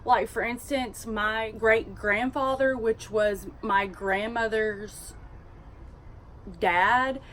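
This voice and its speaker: A woman's voice: fairly high pitch, steady tone, very slow, fairly bright tone, a little hiss or hum. A woman in her twenties from Texas with a strong Southern drawl, telling a casual, candid storytime vlog full of fillers and restarts. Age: 20s. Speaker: vlogger.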